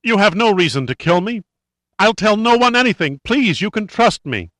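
A man voicing a terrified man who pleads frantically in a high, near-screeching voice. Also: expressive, normal speed, bright, forceful tone, no echo. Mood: frantic. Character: man feigning panicked, shrieking terror.

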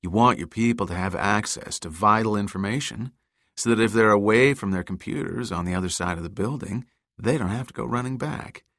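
A man reading the lines of an excitable male computer genius explaining technology. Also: lowish voice, a little fast, no room sound, studio quality. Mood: eager.

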